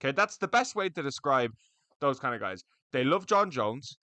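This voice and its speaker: A young MMA commentary vlogger rants bluntly and profanely to camera about fans of a combat sport. His mid-range voice is very animated and sharp-toned, at a moderate pace with no room sound.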